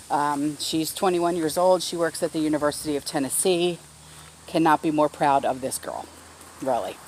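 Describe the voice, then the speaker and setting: A woman's voice: deep voice, darkish tone, a little hiss or hum, low-quality recording. Middle-aged woman chatting in her garden. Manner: rambling and heartfelt, many fillers and restarts. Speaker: garden vlogger. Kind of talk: casual vlog talk. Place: backyard garden, outdoors.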